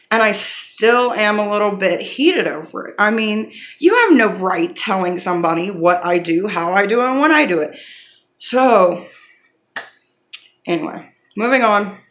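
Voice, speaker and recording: A woman's voice: mid-range voice, fairly bright tone. A woman vlogging, telling a personal story to camera in a casual, blunt and candid way, swearing now and then.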